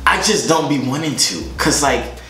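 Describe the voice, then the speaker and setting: A man's voice: a little high, expressive, normal speed, pushed and bright, faint music behind. A young man vlogging in a joking, boastful way, full of slang, in a room. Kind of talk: comedic vlog chat. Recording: echoey room.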